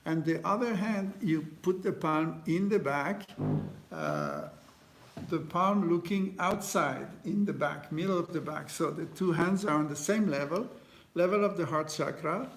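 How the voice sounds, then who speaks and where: A man leading a guided meditation, speaking gently with many pauses, fillers and restarts, in slightly non-native phrasing. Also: a little high, lively intonation, creaky. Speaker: meditation teacher.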